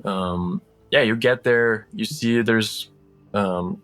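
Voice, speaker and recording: A man's voice: lowish voice, slow pace, fairly bright tone, soft background music. A man narrating as game master in a casual, rambling way with many fillers.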